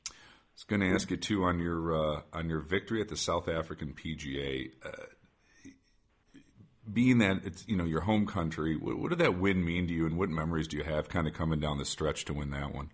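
A man's voice: a bass voice, brisk. A man hosting a casual interview, rambling and thinking aloud as he asks his guest questions. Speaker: podcast host.

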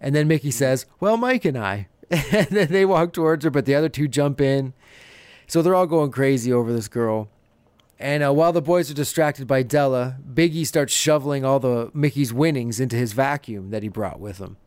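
Male podcast host, mid-pitched, chatty recap voice, dry close recording. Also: normal speed, a little mellow, clean tone, no echo. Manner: chatty, laughs often, retells scenes. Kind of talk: casual episode recap.

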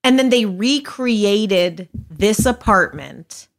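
A woman's voice: mid-range voice, expressive, takes it slowly. A woman hosting a podcast chat, quizzing her guests in a playful, teasing way. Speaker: podcast host. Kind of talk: casual chat.

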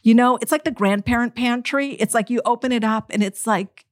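A middle-aged woman telling her own story to an audience, emotional and animated, speaking straight to her listeners. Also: a little high, a little fast, no room sound, clean studio sound. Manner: animated, emotional, direct address.

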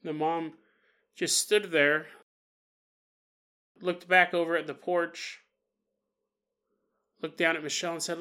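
A man hosting a paranormal podcast, retelling a reader's story in an animated way with acted-out quotes and small stumbles. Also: fairly high pitch, takes it slowly, pauses often, clean tone.

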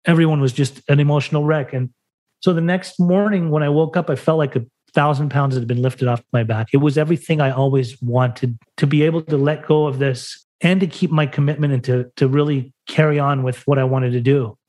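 A podcast guest from Salt Lake City in the United States tells a personal story candidly and emotionally, swearing freely and acting out the dialogue. His voice is a little high and mellow, steady in tone, and fairly quick.

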